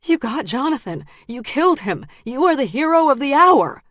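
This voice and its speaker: A woman reading the lines of a frightened young woman held at gunpoint, pitched up and pleading. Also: very animated, normal speed, no echo, clean studio sound. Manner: high, pleading, frantic. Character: terrified young woman facing her captor.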